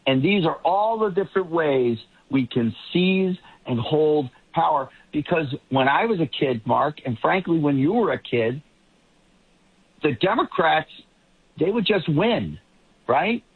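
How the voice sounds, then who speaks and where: A man's voice: a little high, expressive, a little slow, breathy edge, no room sound. A man from Boston, a political commentator giving rambling talk radio commentary. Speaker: panel guest, political commentator. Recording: tinny phone line.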